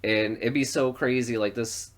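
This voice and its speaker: A man from western New York co-hosting a podcast, telling profane stories in a loose, animated way. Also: mid-range voice, normal speed. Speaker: podcast co-host. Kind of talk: casual storytelling chat.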